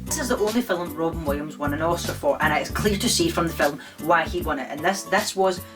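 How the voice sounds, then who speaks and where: A man's voice: on the high side, a little fast, music in the background. A man talking casually to camera, reviewing his favourite film in a chatty way full of "don't get me wrong" asides. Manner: chatty, repeats "don't get me wrong" and "I'm not gonna lie".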